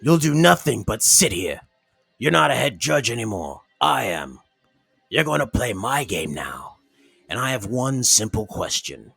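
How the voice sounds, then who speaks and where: A man voicing an enraged male chef turned villain, with loud, shouty outbursts. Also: medium pitch, lively intonation, moderate pace, gravelly, slightly rough, no room sound, soft background music.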